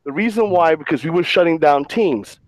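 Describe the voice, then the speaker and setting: A man telling a rowdy, profane story on a casual panel show, animated and loud in the quoted parts. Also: fairly high pitch, a little fast, no room sound, rough recording.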